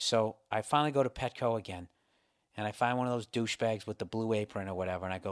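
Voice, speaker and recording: A man's voice: mid-range voice, fairly quick, smooth, dry recording, studio quality. Profane, exasperated man telling a story. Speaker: podcast host. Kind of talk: comedic storytelling monologue.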